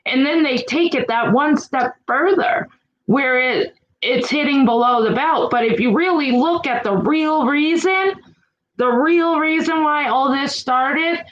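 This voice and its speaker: A middle-aged woman vlogger talking straight to her viewers, frank and fed up, swearing now and then. Her voice sits a little high, and she takes her time, drawing the words out. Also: a bit bright, slight background noise, rough recording. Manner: frank, exasperated, mild swearing; slow and drawn out. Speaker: YouTube channel host. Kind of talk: casual chat to live chat viewers.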